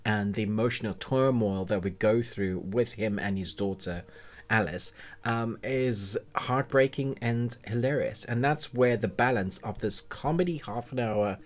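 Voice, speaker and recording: A man's voice: fairly low pitch, a little slow. A man giving a casual, enthusiastic spoken review of a TV series, rambling a little and restarting his sentences.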